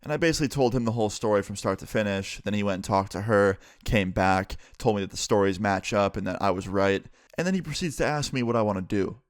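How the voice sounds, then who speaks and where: A young man with a lowish voice tells a storytime to his channel. He talks in a loose, excited way and swears freely. The recording is dry and close, with no room sound. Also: fast talker, hardly any pauses, no room sound. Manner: casual, profane, excited retelling. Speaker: YouTuber. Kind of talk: storytime monologue.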